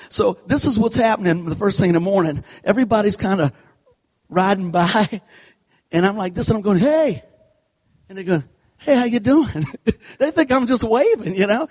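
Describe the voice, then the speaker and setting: A man delivering a sermon through an animated, folksy personal story. His voice sits a bit high and has a husky, rough edge. He acts out each scene as he goes. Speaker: church speaker.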